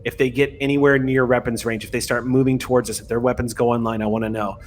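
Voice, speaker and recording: A man voicing a calm, firm female starship commander in a tabletop game, giving steady orders. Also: mid-range voice, fast talker, slight background noise, voice pushed down, natural voice. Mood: urgent orders.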